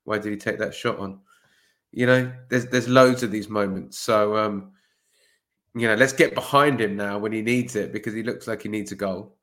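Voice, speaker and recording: A man, a football podcast pundit talking in calm, reassuring casual chat, with casual swearing. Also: on the low side, normal speed.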